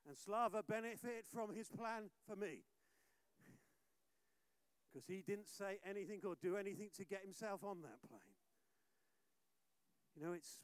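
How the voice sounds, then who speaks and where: A male pastor preaching a sermon, telling stories with lively swings from loud urging to hushed lines. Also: high-pitched, unhurried, long pauses, clear, resonant tone, no room sound. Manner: animated storytelling, swinging from loud exhortation to hushed.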